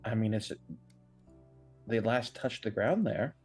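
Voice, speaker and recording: A man playing a tabletop game, calm and measured. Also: fairly low pitch, soft background music. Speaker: player.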